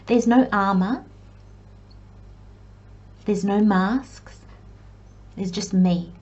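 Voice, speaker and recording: A woman reading tarot for her viewers in a slow, unhurried delivery, her voice soft with a husky edge. She speaks reflectively and with gentle encouragement, sometimes poking fun at herself. The recording sounds slightly muffled and lo-fi. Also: mid-range voice. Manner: self-deprecating asides, light giggles. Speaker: tarot reader. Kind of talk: pick-a-card tarot reading.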